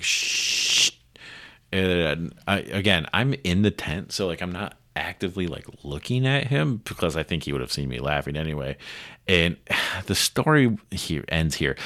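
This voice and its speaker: A man's voice: a bass voice, a bit bright. A middle-aged man hosting a podcast, telling a story in a loose, rambling way and chuckling often as he goes. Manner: loose, rambling delivery with many fillers. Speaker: podcast host.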